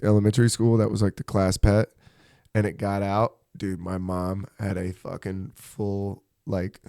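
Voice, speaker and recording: A man's voice: fairly low pitch, flat delivery, measured pace, gravelly, mellow, clear, resonant tone, dry recording, studio quality. A man hosting a podcast, telling stories in a casual chat, swearing often and laughing between lines. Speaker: podcast host.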